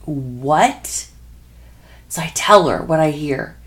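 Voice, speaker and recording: A woman's voice: sits low, expressive, takes it slowly, noisy background. A woman telling a personal faith testimony in an earnest way, searching for her words as she goes. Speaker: Christian speaker.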